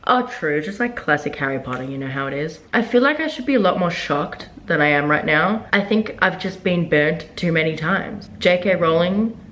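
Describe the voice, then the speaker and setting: A young woman reacting to a book she is reading, animated and exasperated, swearing freely as she talks. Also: low voice, normal speed, hardly any pauses, slight background noise. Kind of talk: casual reading-reaction vlog. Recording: roomy echoey room.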